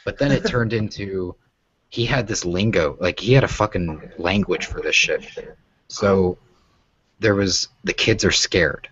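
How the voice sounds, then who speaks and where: A man's voice: low-pitched, unhurried, fairly bright tone, breathy edge, no echo, highs cut off. An American man in his twenties hosting a casual chat, rambling and profane with many fillers. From United States. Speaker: host.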